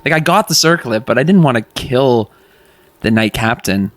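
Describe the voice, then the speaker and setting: A man's voice: mid-range voice, lively intonation, normal speed, dry recording. Brief: male player, casual, conversational. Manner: chatty, laughing, lots of "like". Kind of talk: casual tabletop game play.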